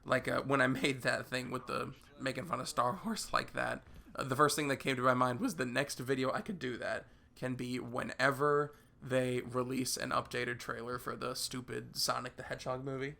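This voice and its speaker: A young man who hosts a YouTube gaming channel rambles casually through a vlog Q&A about it, repeating words and filling gaps with "uh." He sounds sick and hoarse, his mid-range voice level in tone, pushed and bright with vocal fry, at a moderate pace.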